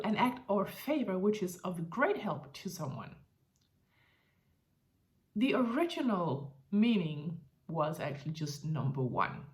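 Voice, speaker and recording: A woman with a Danish accent explains words patiently, as a teacher giving an online language lesson. Her tone is friendly and she often slips in a light laugh as she talks. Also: mid-range voice.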